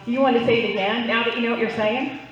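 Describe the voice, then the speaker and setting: A woman's voice: a little high, fairly even intonation, fast talker, slight background noise. A middle-aged woman doing a playful stand-up set, chatting with the crowd and getting them to play along. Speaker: stand-up comedian. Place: club stage, live audience. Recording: roomy, distant, dull live recording.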